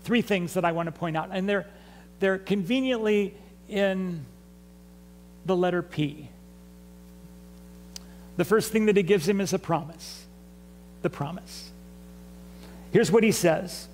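A man's voice: high voice, a little slow, pauses often, darkish tone, slight background noise, poor audio. A man preaching a sermon in a church in a conversational way, asking the congregation to respond. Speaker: pastor. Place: church sanctuary.

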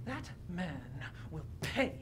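A woman voicing a towering aristocratic vampire lady in a video game, haughty and cruel, with a grand, drawn-out delivery. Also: on the low side, sing-song, slightly rough, heavily acted. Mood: vengeful. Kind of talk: video game character dialogue.

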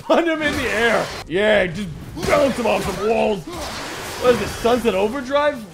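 A man's voice: very high-pitched, a little slow, gravelly, shouting. A young man commentating his gameplay, joking and talking to the characters on screen. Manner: jokey, excitable, talks to the game. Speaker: gaming YouTuber. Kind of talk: playthrough commentary. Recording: game music behind voice.

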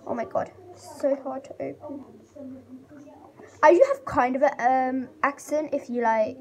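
A woman's voice: high-pitched, moderate pace, crowd noise. A woman doing a casual taste-test vlog, chatty and rambling, with lots of fillers as she talks. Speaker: vlogger.

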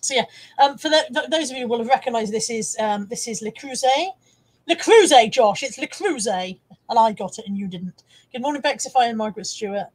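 Talking fast in a fairly high voice, a middle-aged woman hosts a casual home live stream with poor audio from a nearby wired camera. She's chatty and teasing as she reads out viewer comments and presents things she bought to resell.

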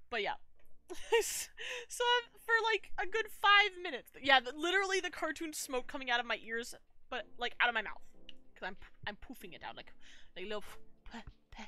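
A woman's voice: fairly high pitch, fast, dry recording. A woman streamer chatting casually and telling a rambling story, with plenty of fillers and restarts. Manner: animated, rambling, lots of fillers and self-corrections.

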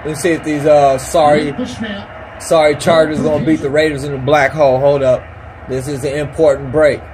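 A man's voice: on the high side, flat delivery, moderate pace, a crowd in the background. An angry man talking casually as he repairs electronics on camera, swearing constantly and rambling. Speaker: vlogger repairing a console power supply. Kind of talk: profane casual repair vlog.

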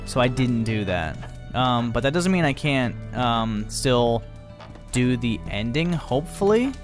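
A young man talks through a horror game in a loose, profane running commentary. His voice swings widely up and down, and he lets out loud startled yelps at scares. Faint game music plays behind him. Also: mid-range voice, very animated, a little slow. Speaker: gaming channel host. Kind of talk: let's play commentary.

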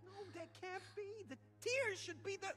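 An actor playing a husband shrunk into a small doll in a video game, with a high, piercing voice. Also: male voice, normal speed, bright, forceful tone. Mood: urgent. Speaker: game character. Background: game music.

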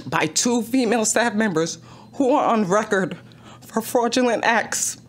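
A woman speaking at a town council public comment, emotional, pleading and insistent. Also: on the high side.

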